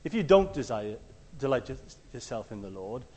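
A man preaching a conversational sermon. He tells stories and acts out the quotes, sometimes shouting them loudly. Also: medium pitch, very animated, normal speed, long reverb tail.

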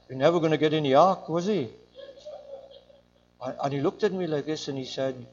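An older man preaching a sermon, his voice sitting a little high for a man. He drives his points home with emphatic swings up and down. The recording sounds dull and lo-fi. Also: brisk, pauses often. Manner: emphatic, rising and falling.

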